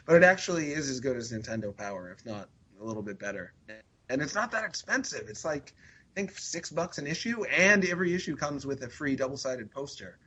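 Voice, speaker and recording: A man's voice: medium pitch, sing-song, brisk, pushed and bright, husky, lo-fi sound. A man talking as a podcast guest in a rambling, chatty way full of fillers and restarts. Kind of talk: casual podcast chat.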